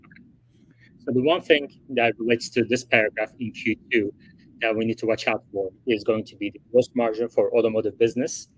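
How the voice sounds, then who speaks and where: A man's voice: fairly low pitch, steady tone, fairly quick, breathy edge, low-quality recording. A man hosting a casual livestream, talking through financial figures in a chatty way and thinking aloud as he goes. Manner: chatty, thinking aloud, reads quotes from a report. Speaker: livestream host.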